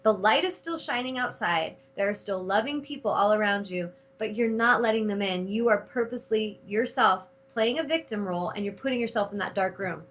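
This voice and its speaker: A middle-aged woman hosting a spiritual talk show, speaking in an animated, casual way and cursing freely when she retells her anger. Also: medium pitch, fairly quick, few pauses, low-quality recording. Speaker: host.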